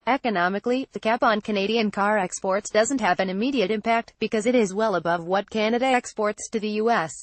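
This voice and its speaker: There is no echo as a woman with a medium-pitched voice narrates scripted trade-policy news. She reads the newsletter in a calm, even, measured way.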